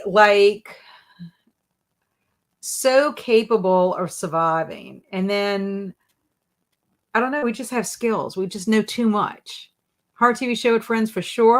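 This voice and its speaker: A young adult woman hosting a casual live stream at home, reading viewer comments aloud and answering them playfully, often laughing. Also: medium pitch. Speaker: livestream host.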